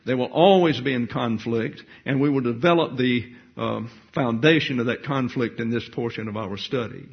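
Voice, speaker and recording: A man teaching a Bible study in sermon style, reading scripture aloud with deliberate emphasis. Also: medium pitch, gravelly, breathy edge, dull audio.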